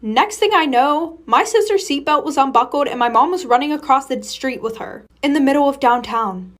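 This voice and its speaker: A young woman with a high voice tells personal stories in a casual story-time format. She is candid and blunt and swears without hesitation. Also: animated, moderate pace.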